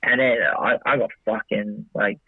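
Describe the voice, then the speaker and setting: A man's voice: fairly low pitch, fairly even intonation, normal speed, slightly rough, no echo. A man telling a long story casually, with many restarts, swearing, and quoting himself in dialogue. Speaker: podcast guest. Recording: dry tinny phone-like audio.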